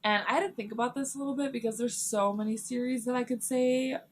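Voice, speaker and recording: A woman's voice: a little high, fairly even intonation, fast, a little hiss or hum. A young woman chatting casually to camera about books, rambling and giggly. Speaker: book vlogger.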